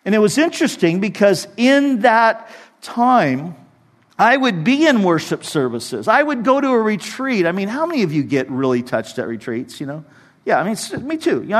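A man's voice: high-pitched, sing-song, normal speed. A man in his forties preaching a conversational sermon as a pastor, acting out his own past prayers in a church. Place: church sanctuary. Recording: reverberant hall.

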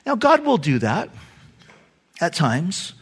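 A man's voice: fairly high pitch, huge pitch swings, slow pace, breathy edge. A male pastor giving a sermon in an earnest, conversational way, speaking directly to his listeners.

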